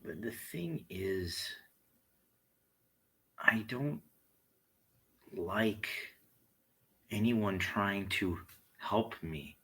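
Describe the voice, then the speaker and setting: A man's voice: on the low side, expressive, drawn-out words, long pauses, a bit bright, husky, rough recording. A man delivering a blunt, heated monologue full of swearing. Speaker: vlogger. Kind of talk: profane monologue rant.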